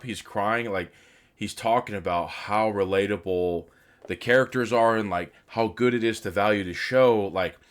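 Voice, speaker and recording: Man, lowish voice, young adult, ranting, profane, rambling, casual commentary. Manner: frustrated, profane, rambling with many fillers. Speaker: video game commentator.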